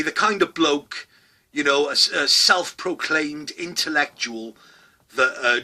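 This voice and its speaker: A middle-aged man hosting a comedy vlog, ranting loudly, swearing a lot and tagging his lines with "okay?". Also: mid-range voice. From Wales. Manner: loud, sweary, rambling, with constant "okay?" asides. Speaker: vlog host. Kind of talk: satirical comedy rant.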